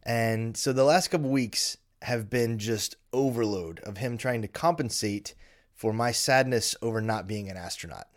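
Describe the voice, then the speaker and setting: Thirties male podcast host, relaxed basement chat, frank and self-mocking, lots of ums. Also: medium pitch, normal speed. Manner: candid, self-deprecating, frequent ums. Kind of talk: casual solo podcast talk. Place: home basement.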